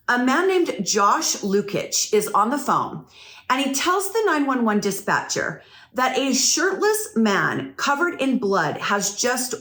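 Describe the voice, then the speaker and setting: A woman's voice: medium pitch, a bit bright, roomy sound. A woman hosting a true crime show, telling the story casually and reacting with disbelief.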